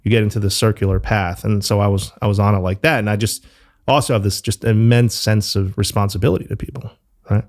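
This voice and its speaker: A man's voice: lowish voice, steady tone, quick pace, a little mellow. Easygoing man rambling in an interview. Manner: loose and rambling, full of fillers and mild swearing. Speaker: company founder, guest. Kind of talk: casual interview talk.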